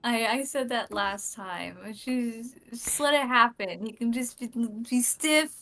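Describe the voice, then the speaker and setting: Woman player, high voice, giggly, casual game narration. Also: a little slow, a bit bright. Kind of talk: describing her character in a tabletop game.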